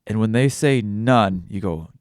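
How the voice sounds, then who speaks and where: Man, deep voice, rambling, dry recording, podcast host. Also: a little mellow, no room sound. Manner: rambling, self-deprecating, crude jokes. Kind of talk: casual solo podcast monologue.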